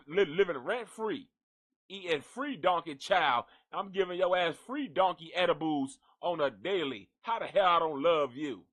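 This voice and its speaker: A man's voice: fairly high pitch, animated, moderate pace, fairly bright tone. A man hosting a live gossip stream, rambling and cursing in a jokey, casual way as he signs off. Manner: profane, rambling, jokey, talks to an unseen donkey.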